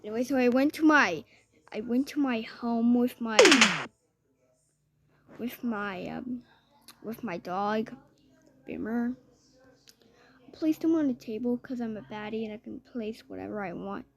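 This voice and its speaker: A woman's voice: fairly high pitch, a little slow, vocal fry, pauses often. A woman telling a rambling personal story in a chatty way, with fillers and restarts.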